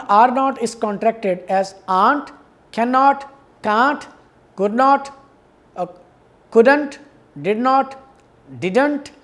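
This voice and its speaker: A man giving an academic lecture on pronunciation, speaking in a measured, explanatory way and repeating key words. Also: high voice. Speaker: university English lecturer.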